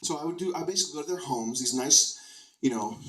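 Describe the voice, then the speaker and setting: A man doing stand-up comedy, telling absurd stories in a deadpan, rambling way. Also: a little high, fast talker, echoey room, recorded from a distance, low-quality recording.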